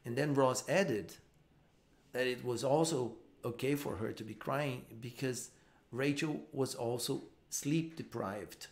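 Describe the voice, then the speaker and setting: Man, English teacher, live online lesson, patient explanations, frequent restarts, mid-pitched voice. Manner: explains slowly with repeats and restarts.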